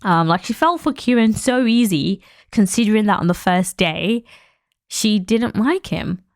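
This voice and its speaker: A woman's voice: medium pitch, animated, measured pace, no room sound, studio quality. Frank, chatty young woman podcast host. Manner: frank, chatty, laughs often, many fillers. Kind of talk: casual opinionated commentary.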